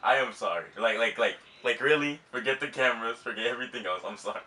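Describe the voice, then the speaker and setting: A man's voice: medium pitch, fast talker, noisy background. A young man filming a prank vlog at home, apologizing over and over and laughing nervously. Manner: apologetic, laughing, repeating himself. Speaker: prank vlogger. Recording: roomy home audio, mic at a distance.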